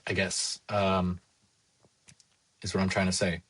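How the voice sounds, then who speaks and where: Vlogging in a dry, echo-free room, a twentysomething SaaS founder speaks at a normal speed in a steady, middle-pitched tone. His monologue is frank and meandering, laced with profanity and self-put-downs.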